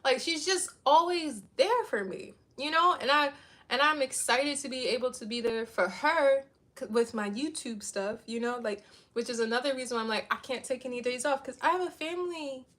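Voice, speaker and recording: A woman's voice: sits high, normal speed, a bit bright. A woman in her thirties chatting casually to her viewers, rambling and saying "like" a lot. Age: 30s. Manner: rambling, heavy use of "like". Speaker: vlogger.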